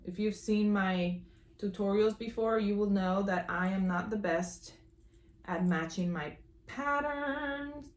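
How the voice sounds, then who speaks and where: A woman's voice: mid-range voice, darkish tone. A young woman hosting a sewing tutorial, bubbly and self-teasing, talking as she works at a serger. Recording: roomy echo, faint machine noise.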